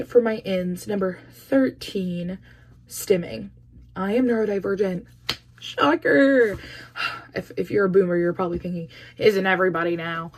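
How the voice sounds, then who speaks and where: A woman's voice: medium pitch, darkish tone, husky. A young woman talking casually to camera in a vlog, chatty and opinionated with emphatic bursts. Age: young adult. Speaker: vlogger.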